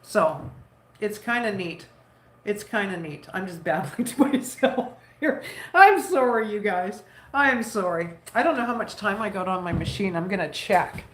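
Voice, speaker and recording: With a medium-pitched voice, lively intonation, and normal speed, a woman vlogger talks about her son while making bread dough at home. Her nose is stuffy, and she rambles in a warm, chatty way, using "like" often. There's a roomy echo in the recording.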